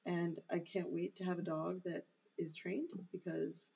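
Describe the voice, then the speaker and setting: A woman's voice: on the low side, flat delivery, measured pace, vocal fry, warm tone, husky. A young woman co-hosting a casual podcast, rambling with lots of "like" fillers. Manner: rambling, heavy use of "like" fillers. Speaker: podcast co-host. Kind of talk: casual chat.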